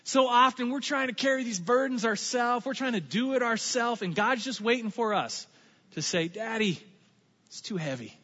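A pastor delivers a lively, conversational sermon in a high, bright voice. He jokes and slips into quick impressions between points. The sound is a little muffled, with a long reverb that carries through a large church. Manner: conversational, animated preaching with asides and impressions.

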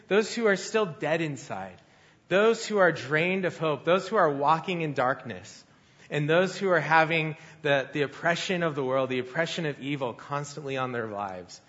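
A man's voice: a little high, muffled recording. A young man giving a sermon, telling a personal story in a conversational way and acting out what people said. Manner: storytelling, conversational, animated quoting. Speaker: pastor.

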